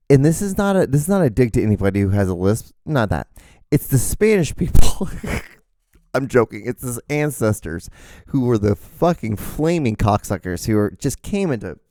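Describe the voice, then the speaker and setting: A man's voice: on the low side, mellow, no echo. A young man hosting a solo podcast, rambling in a profane, mock-outraged way. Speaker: podcast host.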